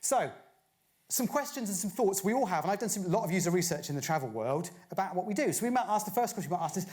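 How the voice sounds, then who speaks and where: A man's voice: high voice, lively intonation, fast talker, darkish tone. A man from Bristol gives a chatty conference talk, firing rhetorical questions at a live audience. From Bristol, England. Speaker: conference speaker. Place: conference stage.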